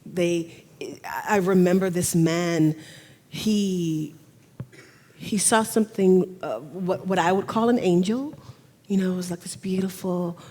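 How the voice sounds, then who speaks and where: A woman giving an emotional talk on camera, speaking in a halting way and often restarting her sentences. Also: on the low side, dark tone. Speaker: speaker at a talk on remote viewing. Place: in front of a camera.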